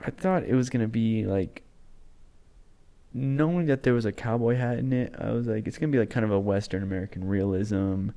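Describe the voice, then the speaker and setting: Young guy cohosting a podcast, gravelly and mellow, rambly with lots of ums. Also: lowish voice. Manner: rambling, halting, lots of fillers. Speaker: podcast co-host. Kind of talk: casual chat.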